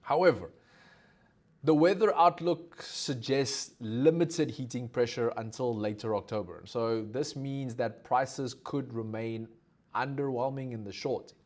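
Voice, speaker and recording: A man's voice: medium pitch, unhurried, darkish tone. A South African man hosting a live market analysis stream, talking casually with many fillers and asking viewers to comment. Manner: conversational, lots of fillers, asks viewers for comments.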